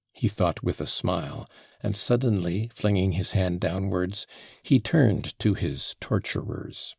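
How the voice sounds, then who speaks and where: A man narrating a classic novel as an audiobook in a steady, even storytelling manner. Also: low voice, unhurried, gravelly, breathy edge, no room sound, clean studio sound.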